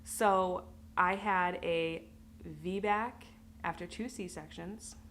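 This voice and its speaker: Woman vlogger, bright voice, emotional candid personal storytelling. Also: lowish voice, drawn-out words, slight background noise. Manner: emotional, candid, with many fillers. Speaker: vlogger telling her birth story.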